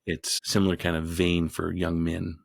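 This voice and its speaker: A man who is a podcast guest, telling a story in a rambling way with frequent restarts and growing animated as he goes. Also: deep voice, moderate pace, creaky, no room sound, studio quality. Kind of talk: storytelling in an interview.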